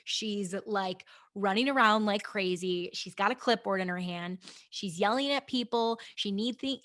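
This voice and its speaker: A podcast host, a young adult woman with a mid-range, fairly bright voice, chats casually about goals and meditation. Frank and chatty, she swears at times, often restarts her sentences and turns to her listeners with asides.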